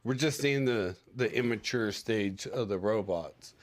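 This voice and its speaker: A man co-hosts a casual podcast, joking and rambling and frequently acting out lines he quotes. His voice is on the low side and his pace is measured.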